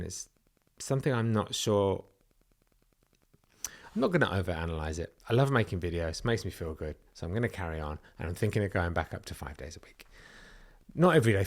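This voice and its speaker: Candid British man, lively low voice. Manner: confessional, nervous laughter, rhetorical questions. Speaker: vlogger. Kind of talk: candid personal vlog to camera.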